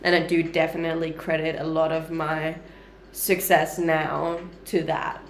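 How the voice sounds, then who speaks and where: A woman's voice: sits low, flat delivery, unhurried, a little hiss or hum. A woman in her thirties with a mixed Danish, Canadian and Australian accent, chatting upbeat with viewers on a livestream from her kitchen. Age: 30s. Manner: upbeat, chatty, frequent light laughs. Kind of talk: casual livestream chat answering viewer comments. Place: home kitchen.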